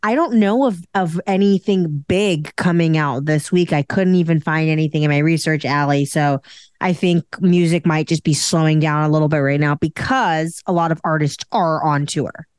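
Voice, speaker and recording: Smooth low-voiced chatty woman. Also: moderate pace, darkish tone, no room sound, clean studio sound. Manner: rambling, chatty, many fillers. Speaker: podcast co-host. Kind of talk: casual chat.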